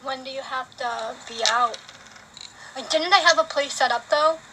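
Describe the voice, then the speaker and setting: A woman on a phone call, talking softly and hesitantly with many fillers, sounding sympathetic. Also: high voice, normal speed. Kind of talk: casual phone chat. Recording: phone call with loud background noise.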